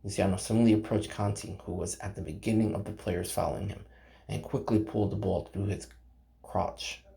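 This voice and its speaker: A man's voice: deep voice, steady tone, a little fast, gravelly, dark tone. A man casually reading a novel aloud to his viewers, stumbling over names and breaking off to chat with them. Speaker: channel host reading a game novel aloud. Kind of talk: casual read-aloud with commentary.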